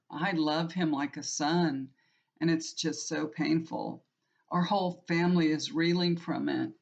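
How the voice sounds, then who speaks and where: A woman, chatting to her viewers in a rambling, heartfelt way full of restarts. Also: low-pitched. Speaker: tarot reader and channel host. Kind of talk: casual personal chat to viewers. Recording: muffled lo-fi recording.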